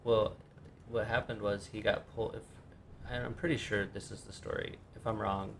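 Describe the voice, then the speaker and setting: A man's voice: lowish voice, fairly even intonation, moderate pace, creaky, slight background noise. A middle-aged man co-hosting a casual podcast, joking around with puns and rambling through memories. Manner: joking, wordplay, rambling recollection. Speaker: podcast co-host. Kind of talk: casual chat.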